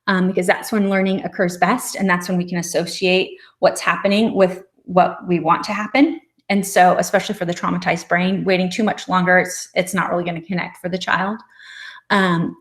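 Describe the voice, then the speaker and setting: Gentle woman giving a parenting talk. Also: fairly low pitch. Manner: gentle and encouraging, acts out brief parent-child exchanges in a lighter voice. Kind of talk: presentation with slides.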